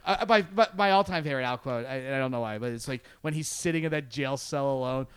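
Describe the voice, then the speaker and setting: A man co-hosting a podcast, excitable and joking, often stumbling over his words. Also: medium pitch, quick pace, clean tone, no room sound. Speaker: podcast co-host. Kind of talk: casual chat.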